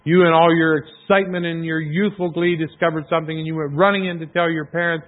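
A man preaching a sermon in a conversational, self-deprecating way, often clearing his throat. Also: on the high side, fairly even intonation, fast, hardly any pauses. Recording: tinny phone-like sound.

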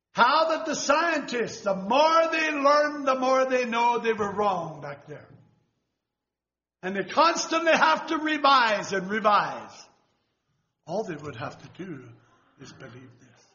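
A man's voice: high-pitched, a bit bright. Older man preaching a rambling sermon. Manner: rambling, searching for words, asks the listeners if they follow. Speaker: lay preacher. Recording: dull lo-fi recording in an echoey room.

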